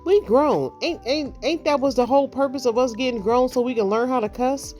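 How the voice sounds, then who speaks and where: A woman's voice: sits high, brisk. Middle-aged woman cussing freely, talking straight to camera, faint music under it. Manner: blunt, profane, animated storytelling with mocked voices. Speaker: vlogger. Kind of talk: casual monologue.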